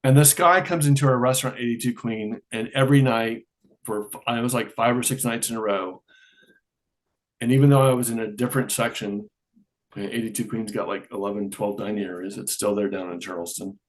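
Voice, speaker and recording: A middle-aged man, a guest in an interview, telling his story in a casual, lively way and acting out the dialogue. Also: medium pitch, fairly quick. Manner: lively storyteller who acts out quoted dialogue.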